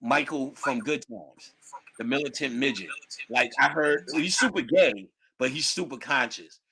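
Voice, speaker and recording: Animated middle-aged man telling stories. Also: medium pitch, measured pace, slightly rough. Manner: animated, profane, slangy, laughs often. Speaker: guest storyteller. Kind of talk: casual storytelling.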